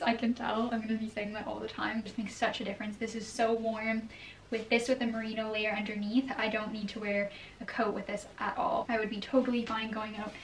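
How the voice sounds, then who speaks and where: A young fashion vlogger chats upbeat to the camera at home while trying on clothes, laughing often. Her voice is mid-range, picked up by a distant mic with faint background noise.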